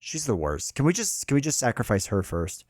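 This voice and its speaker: A man's voice: mid-range voice, very animated, a little fast, no room sound. Casual guy streaming a card game, chatty and jokey, dry close sound. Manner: chatty, self-deprecating, laughs often. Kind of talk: live game playthrough with narration.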